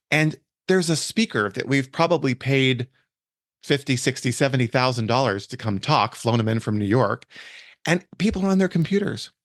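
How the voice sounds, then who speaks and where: A podcast host who is also an event planner conducts a conversational interview in a medium-pitched voice. He speaks passionately and emphatically, often repeating himself for weight. The recording is dry and studio quality.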